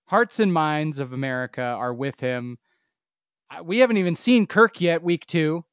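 A man's voice: fairly high pitch, lively intonation, normal speed, clean tone, dry recording, studio quality. A man co-hosting a casual sports podcast, emphatic and mocking, swearing freely. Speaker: podcast co-host.

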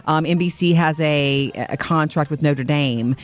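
A woman's voice: sits low, unhurried. A middle-aged woman co-hosting a morning radio show, chatty and digressive, laughing easily between stories. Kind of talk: casual show banter.

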